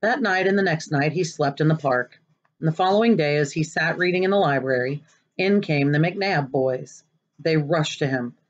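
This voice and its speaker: A woman reading a children's novel aloud, expressive and lively, raising her voice for the characters' lines. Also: low voice, moderate pace, muffled recording. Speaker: narrator.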